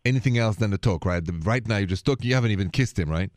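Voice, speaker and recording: A man's voice: lowish voice, very fast, a little mellow, no room sound. French-accented man hosting a radio show. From France. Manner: playful, chatty, sprinkles French words. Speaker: radio advice show host. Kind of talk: call-in radio advice.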